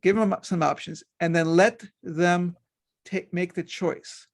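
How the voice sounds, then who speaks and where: A man's voice: sits high, steady tone, slow. A middle-aged man, a hypnotherapist, giving parenting tips in a conversational way and acting out quoted dialogue. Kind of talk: instructional talk.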